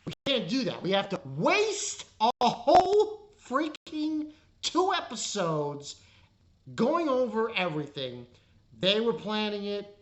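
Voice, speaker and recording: A woman's voice: medium pitch, big pitch swings, slow pace. An exasperated woman tears into an anime episode in a casual spoken review. Her voice leaps up and down as she vents, swearing freely and sounding fed up.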